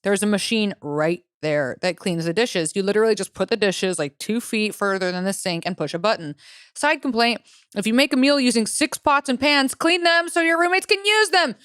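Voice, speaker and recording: A woman's voice: medium pitch, lively intonation, normal speed, fairly bright tone, clean tone, no room sound, studio quality. A young adult woman co-hosting a podcast, bluntly reading and ranting through complaints with plenty of swearing. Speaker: podcast co-host. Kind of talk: casual chat.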